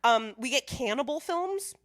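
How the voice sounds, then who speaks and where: A woman's voice: high-pitched, lively intonation, normal speed, fairly bright tone, no echo, studio quality. A woman, co-hosting a podcast and explaining film history in a chatty way, full of "like" and "right?" fillers. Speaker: podcast co-host. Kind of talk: casual film discussion.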